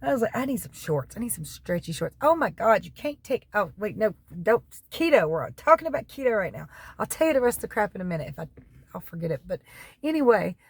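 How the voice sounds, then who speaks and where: Very animated and fast-talking, a middle-aged North Carolina woman with a Southern accent chats to her viewers as a keto vlogger, her mid-range voice gravelly and slightly rough. She's folksy, rambles off on tangents, laughs between remarks and coughs at times from allergies.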